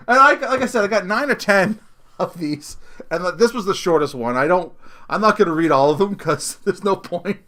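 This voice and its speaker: High-pitched, bright and forceful, this middle-aged man hosts a comedic solo podcast rant. He's sarcastic and mocking, often breaking into laughter between sentences.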